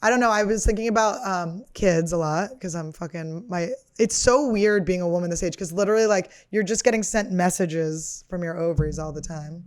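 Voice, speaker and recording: A woman's voice: lowish voice, a little fast, hardly any pauses, a little mellow. A woman in her thirties, a comedian hosting her podcast, talking in a rambling, profane, self-mocking monologue full of fillers. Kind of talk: casual confessional monologue.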